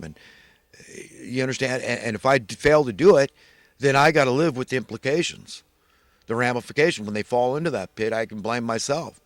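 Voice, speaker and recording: A man's voice: medium pitch, brisk, no echo. Earnest, preachy American man. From United States. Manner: earnest, repetitive, rambling with restarts. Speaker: vlogger. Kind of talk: preachy moral monologue.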